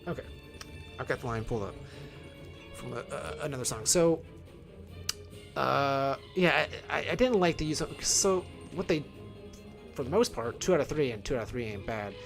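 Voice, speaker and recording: A man's voice: mid-range voice, expressive, moderate pace, vocal fry, long pauses. Rambling man chatting while gaming. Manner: rambling, self-correcting, thinking aloud. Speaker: video game streamer reviewing films. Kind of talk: casual commentary while playing a game. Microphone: wearing headphones. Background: faint game music.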